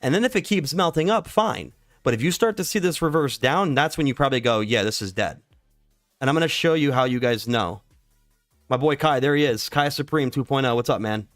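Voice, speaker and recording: A man's voice: medium pitch, brisk, no room sound, soft background music. Laid-back, swearing man in a dry room. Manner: loose, slangy and profane, says "dude" and "like" often. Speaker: livestream stock market host. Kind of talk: casual live trading chat.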